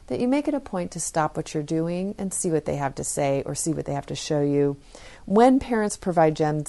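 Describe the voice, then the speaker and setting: Low gravelly-voiced woman giving parenting advice. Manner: gentle, encouraging, advice-giving. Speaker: parenting podcast host. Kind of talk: podcast pep talk.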